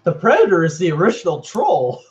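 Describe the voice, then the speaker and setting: A man co-hosting a casual comics chat, relaxed, with dry teasing. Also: high-pitched, fairly quick. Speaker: podcast co-host. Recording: dull lo-fi sound with faint noise.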